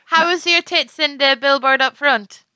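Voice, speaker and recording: A woman's voice: high-pitched, normal speed, sharp tone, dry recording. A woman co-hosting a comedic podcast over a video call, wry and self-mocking, often breaking into giggles. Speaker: podcast co-host.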